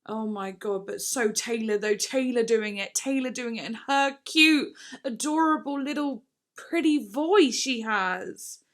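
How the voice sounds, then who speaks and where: A woman's voice: on the high side, measured pace, a bit bright. A woman making a casual music reaction video, gushing, swearing now and then and reading lyrics aloud.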